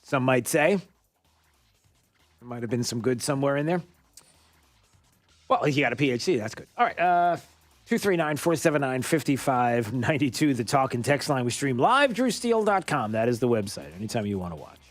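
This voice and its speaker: A man's voice: mid-range voice, big pitch swings, normal speed, no echo, faint music behind. A man hosting a call-in radio show, bantering loosely with lots of fillers. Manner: jokey, loose, filler-heavy. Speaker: radio talk show host.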